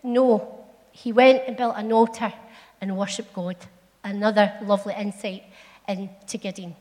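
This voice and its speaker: A woman's voice: medium pitch, fairly even intonation, measured pace, darkish tone. A middle-aged woman with a Scottish accent, telling a Bible story to a church in a homely, playful, chatty way. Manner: homely, chatty and playful, with local turns of phrase. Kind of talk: storytelling sermon. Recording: long echo of a large hall.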